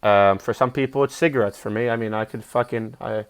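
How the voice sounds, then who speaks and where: A young adult man, a comedian, telling a rambling, profane story in a casual monologue and getting loud and fired up when he preaches. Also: lowish voice, brisk, clean tone. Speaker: comedian and podcast host.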